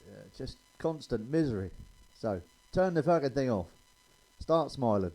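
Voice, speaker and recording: A man's voice: mid-range voice, animated, unhurried, mellow, rough recording. A man telling blunt, sweary stand-up jokes in a chatty way. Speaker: stand-up comedian.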